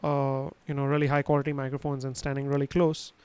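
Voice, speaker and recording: A medium-pitched, slightly mellow, clean-toned voice speaks fast and in a monotone, though the audio is poor. He is an instructor teaching a livestream lesson on sound from his home room on a studio microphone, explaining casually with many fillers and restarts.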